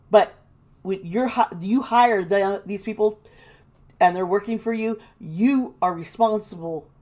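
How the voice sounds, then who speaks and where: A woman's voice: mid-range voice, darkish tone. A woman giving casual, indignant commentary, swearing and mocking the people she quotes. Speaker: tarot reader and commentator.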